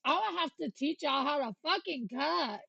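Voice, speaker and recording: A woman's voice: high-pitched, lively intonation, normal speed, vocal fry, sharp tone, dry recording, highs cut off. A woman livestreamer chatting casually and joking with profanity as she reacts to videos. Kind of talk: casual stream chat.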